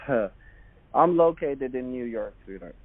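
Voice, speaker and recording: A man with a Jamaican accent making a pushy phone pitch, repeatedly calling the listener madam and sweetheart. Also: animated, a little slow, crowd noise. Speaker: phone scammer. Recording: dry tinny phone line.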